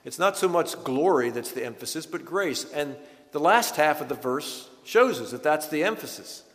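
A man preaching a sermon in an earnest, emphatic way, slowing down to stress key words. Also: a little high, lively intonation, a bit bright, long reverb tail. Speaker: pastor.

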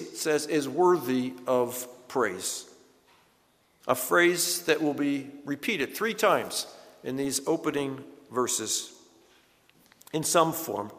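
A man's voice: mid-range voice, a bit bright. Earnest preacher man in a reverberant hall. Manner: earnest, emphatic, slows down to stress key words. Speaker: pastor. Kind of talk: sermon.

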